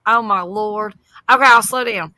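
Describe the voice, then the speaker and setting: A woman's voice: medium pitch, moderate pace, sharp tone, no room sound, poor audio. A woman with a strong Southern American accent, chatting bluntly and profanely on a livestream. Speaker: livestream host. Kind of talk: casual livestream chat.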